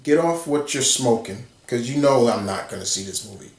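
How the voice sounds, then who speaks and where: A man's voice: mid-range voice, expressive, normal speed, gravelly. A man ranting bluntly and profanely in an exasperated movie commentary vlog. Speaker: commentary vlogger. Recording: roomy echo, far from the mic.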